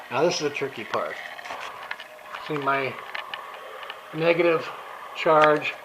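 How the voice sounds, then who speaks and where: An older man in his home workshop, a little out of breath, talking casually and haltingly with frequent fillers as he shows his setup. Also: a little high, background noise. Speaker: workshop vlogger. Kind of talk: casual workshop show-and-tell.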